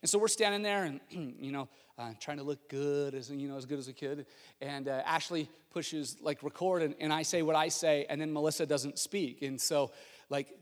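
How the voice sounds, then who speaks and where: Animated storytelling man preaching in a hall. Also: fairly high pitch, fairly quick. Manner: storytelling, animated, acts out quotes. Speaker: pastor. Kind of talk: sermon. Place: church sanctuary. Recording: long reverb of a large hall.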